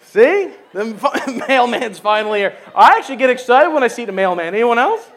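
A man's voice: very high voice, big pitch swings, fairly quick, a bit bright. A man preaching a casual sermon at a church service, chatty and exclaiming, often asking "you know?". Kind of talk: folksy conversational sermon.

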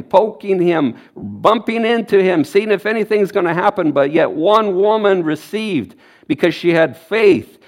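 A man preaching a sermon, quoting scripture with energy and emphasis. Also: high-pitched.

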